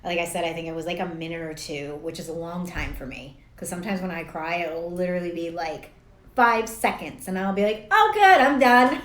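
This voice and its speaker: A woman's voice: on the low side, steady tone, fairly quick. A young woman coaching to camera, chatty and blunt, swearing freely and laughing at herself. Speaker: life coach. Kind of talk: casual talk to camera. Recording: roomy echo.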